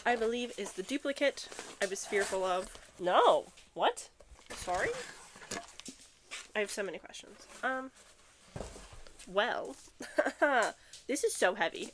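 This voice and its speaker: A woman's voice: mid-range voice, slow, long pauses, a little hiss or hum. Chatty, giggly young woman unboxing books. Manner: chatty, giggly, excitable asides. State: out of breath. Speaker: book unboxing vlogger. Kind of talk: casual chat and reading blurbs aloud.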